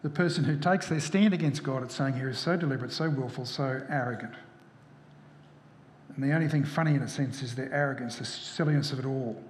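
A man's voice: medium pitch, brisk, slight background noise. Man preaching in an echoey hall. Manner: asks rhetorical questions. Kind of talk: sermon.

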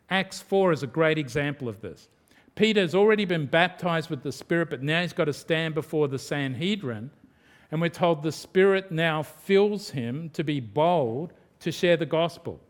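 A pastor preaches in a relaxed, conversational way, often slipping into little acted-out quotes. His voice sits a bit higher than most men's. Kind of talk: sermon.

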